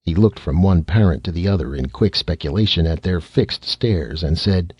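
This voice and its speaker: A man's voice: normal speed, a little mellow, husky, no echo, clean studio sound. A man reading a science fiction short story aloud as an audiobook narrator, giving each character a voice of his own. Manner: reads every character's lines himself, lifting his pitch for children and the mother.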